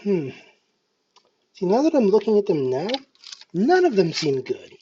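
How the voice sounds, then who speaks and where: In a dull, lo-fi home recording with a little hiss or hum, a thirty-something Canadian man with a faint Scottish lilt vlogs nervously and casually, hesitating, putting himself down and restarting often. His voice sits high, swings hugely in pitch, and is dark-toned and a little slow.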